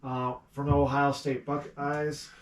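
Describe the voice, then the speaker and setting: A man co-hosting a casual sports podcast, joking and quick to curse at his picks. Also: fairly high pitch, flat delivery, reverberant, recorded from a distance, rough recording. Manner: joking, quick to laugh and swear. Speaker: podcast co-host.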